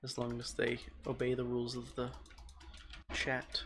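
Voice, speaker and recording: A young man streaming a game, rambling and joking in a casual, often quiet voice, talking into a desk microphone at home. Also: mid-range voice, monotone, unhurried, slight background noise. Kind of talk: casual gaming stream commentary.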